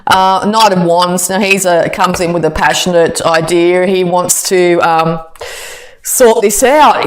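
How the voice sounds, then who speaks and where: A woman giving a casual tarot reading, chatty and full of fillers and restarts. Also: lowish voice. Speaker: tarot reader.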